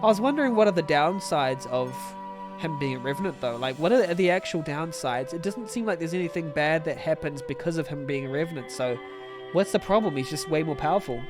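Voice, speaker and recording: A man's voice: on the high side, expressive, a little fast. A man giving casual, amused commentary while playing a game. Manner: chatty, amused, reads dialogue aloud. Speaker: let's play streamer. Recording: game music underneath.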